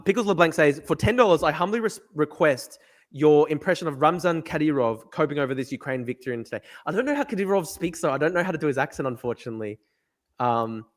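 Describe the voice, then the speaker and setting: A young man hosting a livestream, excitable and profane, reading viewer comments aloud. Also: on the high side. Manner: excitable, profane, laughing, reads chat aloud. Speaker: livestream host.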